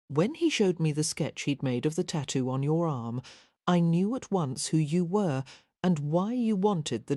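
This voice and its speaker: A man's voice: a little high, darkish tone, dry recording, clean studio sound, lightly acted. A woman reading the part of an old, small, proud Irish earl with an Anglo-Irish accent who speaks coolly and commandingly. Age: older. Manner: cool, dispassionate, commanding.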